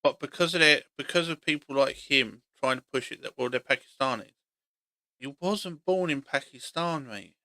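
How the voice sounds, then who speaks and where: Blunt, bright-voiced man ranting. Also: medium pitch, moderate pace, dry recording. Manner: blunt, argumentative, repeats points. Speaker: opinion vlogger. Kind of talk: opinionated monologue.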